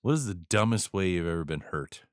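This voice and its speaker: A man's voice: low voice, animated, a little fast, no echo, clean studio sound. A man hosting a casual podcast chat, asking random questions and laughing often. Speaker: podcast host.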